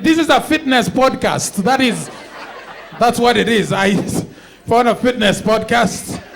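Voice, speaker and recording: A young Kenyan man performing a stand-up comedy set, animated, acting out people and mixing in Swahili phrases. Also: sits high.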